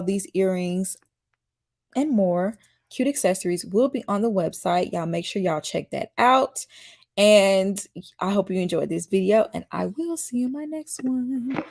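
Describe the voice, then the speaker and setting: Reacting to a dating show on her YouTube live stream, this Mississippi host speaks with a slight Southern country twang in a medium-pitched, darkish voice with vocal fry. Her delivery is expressive and moderately paced as she rambles chattily, reading out viewer comments and responding.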